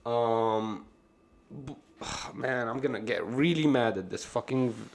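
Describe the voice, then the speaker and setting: A man streaming a casual video reaction, excitable and profane, talking to his chat. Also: medium pitch, measured pace, gravelly. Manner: excitable, profane, laughs hard.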